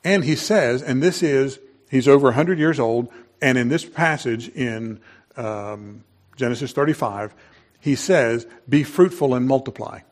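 A male pastor delivers his sermon unhurriedly in a mid-range voice, keeping a conversational feel. He regularly restarts phrases and leans on filler words.

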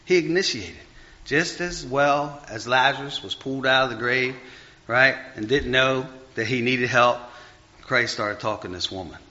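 A male preacher delivers a loose, conversational sermon full of restarts and asides. His voice is bright and forceful, and it swings from raised emphasis down to quiet murmurs. The dull, lo-fi recording softens the top end. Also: moderate pace. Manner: rambling, full of fillers and restarts, big swings in pitch and volume.

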